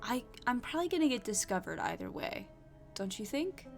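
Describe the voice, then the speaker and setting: A woman's voice: on the high side, big pitch swings, brisk, gravelly, faint music behind. A woman playing a solo tabletop adventure, reading it aloud and hesitantly thinking through her choices. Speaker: solo tabletop game player.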